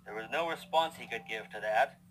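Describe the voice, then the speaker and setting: A man narrating a fanfiction audio reading. His delivery is steady and measured at a middle pitch. Clear background music plays throughout. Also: low-quality recording.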